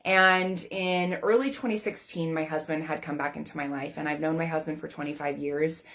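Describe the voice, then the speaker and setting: Earnest lady coach in her 40s, kinda low voice, just talking straight to camera. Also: steady tone, moderate pace, fairly bright tone. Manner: earnest and candid, with casual fillers. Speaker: life coach. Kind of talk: personal talk to camera.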